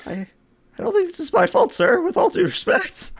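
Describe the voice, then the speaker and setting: A jittery young ensign, played by a man, squeaks his protests in a voice pitched far above his natural register. He trips over his words, stammering, polite and flustered all at once, like a junior officer sure he will be blamed. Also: huge pitch swings, normal speed, gravelly, full character voice. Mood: nervous, defensive.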